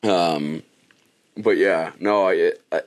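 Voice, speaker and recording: A man with a low, deep voice chatting on a podcast. He tells his stories in an easygoing, laid-back way. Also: steady tone, takes it slowly. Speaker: podcast co-host. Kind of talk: casual chat.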